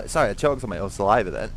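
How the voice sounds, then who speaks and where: Excitable, swearing British streamer. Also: male voice, on the low side, slight background noise. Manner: excitable, swears often, talks to viewers. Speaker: gaming streamer. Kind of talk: live gameplay commentary.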